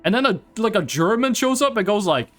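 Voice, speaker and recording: A young man from Scandinavia chats through a gaming stream in a high, bouncy voice. He talks in playful teasing banter with his viewers, with wide swings of pitch. Faint music plays underneath. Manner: joking, teasing banter with chat; animated, quick swings in pitch. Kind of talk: casual gaming stream chat.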